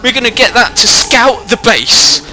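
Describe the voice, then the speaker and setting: A British teenage boy gives jokey, rambling, self-mocking live commentary on a strategy game through a headset mic, recording indoors at home away from his usual spot. His voice is very high, bright and forceful, expressive at a moderate pace, with faint music in the background.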